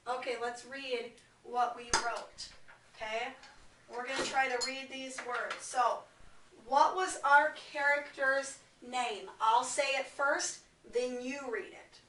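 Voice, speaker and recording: A woman teaching kindergarten, speaking in a slightly raised pitch and a deliberately slow, coaxing way. She is caught by a distant camera mic, so her voice rings around a bare classroom. A faint hiss sits underneath. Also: fairly even intonation, pushed and bright, roomy sound. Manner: slow, clear, coaxing teacher talk to small children. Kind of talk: classroom read-aloud lesson.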